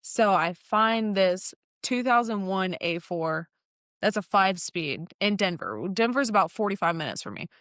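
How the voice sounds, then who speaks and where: Lively young woman telling a story. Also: medium pitch, moderate pace, no room sound, clean studio sound. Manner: animated, laughs often, acts out quoted lines. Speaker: guest telling her car story. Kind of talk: casual storytelling chat.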